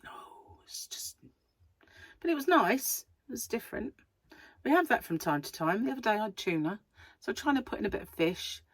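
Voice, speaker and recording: A woman's voice: on the high side, sing-song, fairly quick, fairly bright tone, husky, no room sound. A middle-aged woman, chatting casually and rambling to camera as a crochet vlogger, laughing often.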